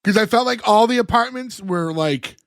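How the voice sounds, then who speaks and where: Rambling podcast co-host, slightly high. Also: male voice, animated, moderate pace, fairly bright tone, no echo, studio quality. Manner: rambling, laughs often, many fillers. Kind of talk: casual chat recapping a sitcom episode.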